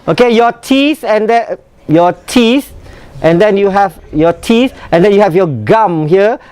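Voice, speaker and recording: A man with a Malaysian accent teaching a pronunciation workshop, drilling sounds by repeating words and often chuckling. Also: sits high. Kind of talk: live classroom teaching. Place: workshop room full of students. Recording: students chattering in background.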